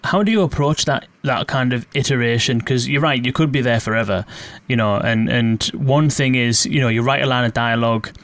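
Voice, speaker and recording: A man's voice: medium pitch, brisk, few pauses, fairly bright tone, no echo. Male host, casual and rambling, mid-range voice. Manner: rambling, restarts with many fillers. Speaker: podcast host. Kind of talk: casual interview questions.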